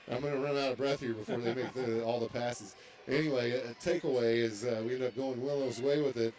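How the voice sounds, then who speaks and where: A man calling high school basketball play-by-play for local radio, quick and correcting himself on names as he goes. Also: steady tone, a little mellow. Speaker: play-by-play announcer. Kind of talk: live radio basketball commentary.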